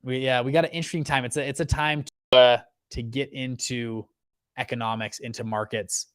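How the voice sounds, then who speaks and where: A man in his thirties, the host, giving a casual rant about economics, lively and full of restarts and acted quotes. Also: mid-range voice, fairly quick, smooth. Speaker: host, fund manager.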